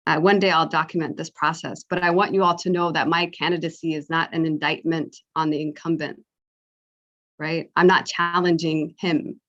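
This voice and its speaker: A woman candidate with a lower voice speaks off the cuff at a forum. She is earnest and throws in a bit of wordplay. Her audio is muffled and lo-fi, like a video call. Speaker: county council candidate. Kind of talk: unscripted campaign speech.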